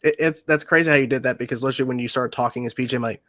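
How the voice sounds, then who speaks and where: A man's voice: medium pitch, rapid-fire, pushed and bright, no echo. Eager young male interviewer, dry sound. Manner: eager fan, laughs often. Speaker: interview host. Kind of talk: casual interview.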